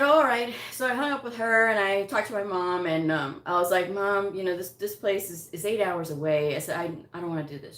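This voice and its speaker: Chatty woman telling a story, echoey room. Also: on the low side. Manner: chatty, laughs often, quotes people as she tells it. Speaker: medical coding vlogger. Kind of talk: casual storytelling.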